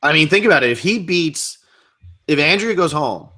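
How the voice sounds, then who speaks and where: A man co-hosting a fan show, chatting casually in quick back-and-forth with filler words. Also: a little high, animated, sharp tone. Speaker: podcast co-host.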